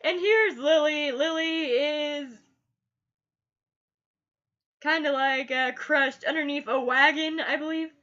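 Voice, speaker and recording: A woman with a bright, high voice talks through a TV episode at an unhurried pace. She gushes and often repeats the last word she said. The recording is a little dull and lo-fi. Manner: gushing, repeats last words like an echo. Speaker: TV reviewer. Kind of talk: casual spoken review.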